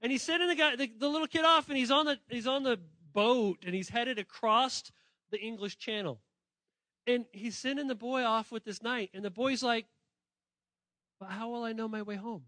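A man with a notably high voice gives an animated sermon to children and students. He is playful, calls out to listeners directly and often corrects himself mid-sentence. The sound is dry and close, with no room echo. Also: moderate pace. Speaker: pastor speaking to children and students. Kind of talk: lively sermon addressed to kids.

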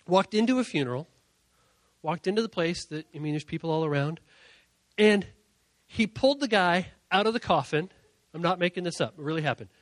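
A young male youth pastor telling a story in a sermon, animated, dropping to quiet asides and then rising to shouts. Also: high voice, a little fast, pauses often, no echo.

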